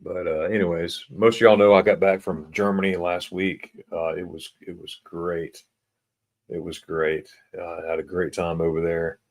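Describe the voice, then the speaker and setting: A middle-aged man with a very low, deep voice hosts a relaxed livestream chat. He reads viewers' comments aloud and talks in a halting way, with many restarts and repeated words. He chuckles often between remarks. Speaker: livestream host.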